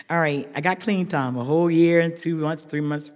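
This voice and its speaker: A woman speaking at a recovery meeting, telling her story with blunt humor and lively voices for the people she quotes. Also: low voice, normal speed, hardly any pauses. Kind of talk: personal recovery testimony. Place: large meeting hall. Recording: reverberant hall with long echo.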